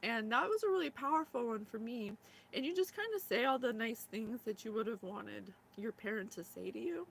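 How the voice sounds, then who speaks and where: Emotional psychic woman, slightly high voice. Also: animated, fairly quick, gravelly, a little hiss or hum, rough recording. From former Yugoslavia. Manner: emotional, laughs and tears up, many fillers. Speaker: psychic reading host. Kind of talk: casual spiritual reading talk.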